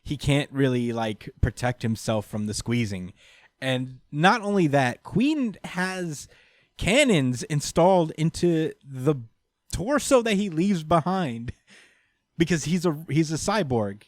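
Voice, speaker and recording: Young male co-host, lively recap voice, a little higher than most, dry close sound, laughs often. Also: slow pace, dry recording. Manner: animated, laughs often, acts out character lines. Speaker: podcast co-host recapping a manga chapter. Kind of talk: casual chat.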